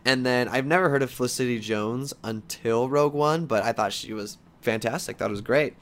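Animated young man ranting about movies. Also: medium pitch, a little fast. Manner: animated, swears often, frustrated outbursts. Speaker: vlogger. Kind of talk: casual movie review rant.

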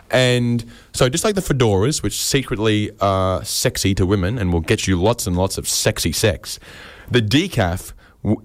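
A man with an Australian accent hosting a community radio show, delivering a joking monologue and bantering, often jumping up into other people's voices. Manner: animated, jokey, voices other people with big pitch jumps. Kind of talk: comic monologue and studio banter.

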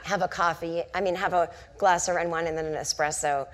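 A woman in her forties talks on stage before a live audience, spinning long self-mocking anecdotes stuffed with "like." Her voice sits a little low. She sounds like a comedian chatting, not performing a set. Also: steady tone, a little fast. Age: 40s. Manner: chatty storytelling full of "like" and self-mocking asides. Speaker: comedian and author, guest. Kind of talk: onstage conversation, telling anecdotes.

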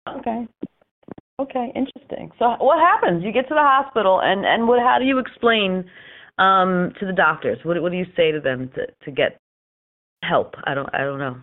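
A woman's voice: medium pitch, moderate pace. Woman interviewer on a tinny line. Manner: attentive, brief acknowledgments. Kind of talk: interview questions.

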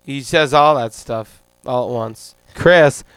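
A man's voice: medium pitch, a little slow, fairly bright tone, smooth, no echo. A man co-hosting a podcast in casual chat, rambling and laughing often. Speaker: podcast co-host.

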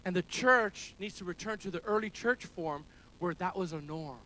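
A male pastor delivers a sermon in a very high, bright, forceful voice. He calls to the congregation for amens and builds to loud, emphatic peaks. He preaches from a church gathering held in a school building. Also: animated, normal speed. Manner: call-and-response preaching, rising to shouts.

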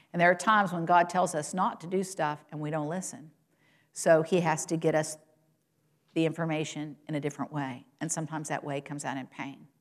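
A woman with a slightly low voice preaches a sermon to her congregation. She asks them rhetorical questions and moves between raised, high-pitched emphasis and quiet, low remarks. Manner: rises in pitch and volume for quoted lines and exclamations, drops low and soft at points.

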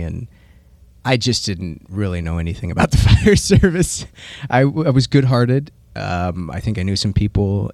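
A man's voice: low voice, darkish tone, no room sound. A man in his thirties, a podcast guest and firefighter, chatting earnestly about his life in a studio interview. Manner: rambling and earnest, with fillers and a ready laugh. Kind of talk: casual interview chat.

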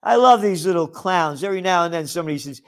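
A man's voice: high-pitched, lively intonation, fast talker. A man hosting a ranting news commentary, angry and sarcastic, mocking his targets with outraged asides. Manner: mocking asides, blah blah dismissals. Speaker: host.

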